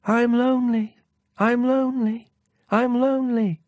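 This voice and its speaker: Storybook mountain echo, high and faraway, as a man puts it on, slow repeats. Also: flat delivery, darkish tone. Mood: hollow.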